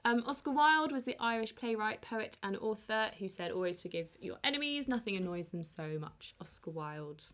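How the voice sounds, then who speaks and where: A woman's voice: mid-range voice, lively intonation, normal speed, hardly any pauses, fairly bright tone. A woman hosting a casual online quiz, reading out answers with chatty, teasing asides. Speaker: quiz host.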